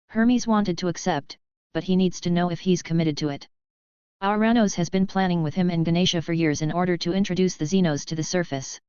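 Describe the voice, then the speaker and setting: Low, clear woman narrating a novel. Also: moderate pace, a little mellow, no echo. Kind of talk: scripted audiobook narration. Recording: dull dry lo-fi recording.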